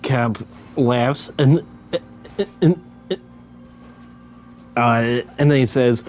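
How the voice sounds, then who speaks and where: A man's voice: mid-range voice, fairly even intonation, very slow, a little mellow, highs cut off. A young man casually telling a story while gaming, stuttering and repeating sounds, laughing as he goes.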